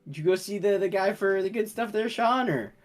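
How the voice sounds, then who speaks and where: A man narrating as dungeon master, lively and stumbling over his words. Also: high voice, brisk. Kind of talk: narrating a tabletop game.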